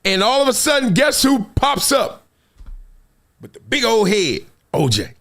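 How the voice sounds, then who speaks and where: Animated high-voiced man telling a story. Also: measured pace, creaky. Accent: Southern California. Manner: lively, acts out quotes, laughs often. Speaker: host. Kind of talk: animated storytelling on a live show.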